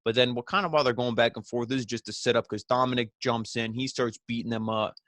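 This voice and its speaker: A man's voice: medium pitch, fairly even intonation, quick pace, fairly bright tone, dry recording. A man hosting a wrestling review, recapping the show in a casual, rambling way full of "you know" and "he's like".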